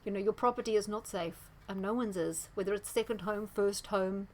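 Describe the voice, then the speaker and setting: Woman ranting to camera, emphatic, lots of asides, mid-pitched voice. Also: a little fast. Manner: emphatic, animated, with many asides and quoted voices. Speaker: astrologer presenting commentary. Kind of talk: casual monologue commentary.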